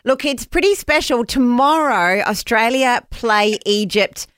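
Bubbly woman co-host, slightly high voice, dry close sound. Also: expressive, a little slow, a bit bright, clean tone, no echo. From half New Zealand. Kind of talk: casual live show chat.

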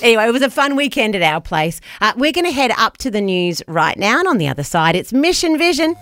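A woman's voice: fairly high pitch, sing-song, fast, fairly bright tone. A middle-aged woman, hosting a breakfast radio show in chatty, enthusiastic style, laughing often. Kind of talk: casual radio chat. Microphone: studio microphone.

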